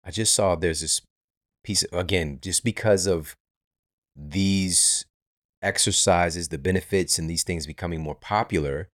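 Deep-voiced relaxed male podcast host. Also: measured pace, no room sound, clean studio sound. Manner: relaxed, curious, affirming interviewer. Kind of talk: podcast interview conversation.

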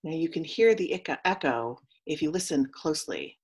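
A woman minister delivering a story sermon in a soft, slow, solemn manner, leading a call and response. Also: low voice, expressive, husky.

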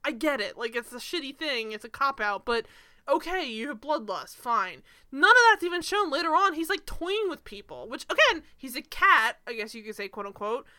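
A woman co-hosting a casual show recap, animated and sarcastic, swearing and laughing often. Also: high-pitched, moderate pace. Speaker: podcast co-host.

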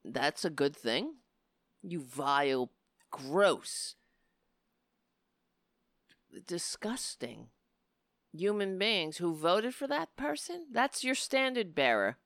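A woman's voice: lowish voice, very animated, takes it slowly, a bit bright, no room sound. A woman delivering a sarcastic, scornful political rant on a close mic, often slipping into mocking voices. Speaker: political commentator.

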